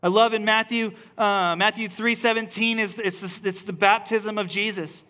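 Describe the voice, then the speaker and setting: High, bright-voiced man preaching a sermon. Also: steady tone, moderate pace. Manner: earnest and repetitive, building emphasis with restarts. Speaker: pastor. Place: church service.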